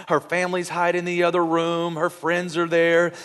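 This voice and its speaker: Animated preacher man, slightly high voice. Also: moderate pace, smooth. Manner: animated, playful, acts out scenes in voices. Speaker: pastor. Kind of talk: sermon. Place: church.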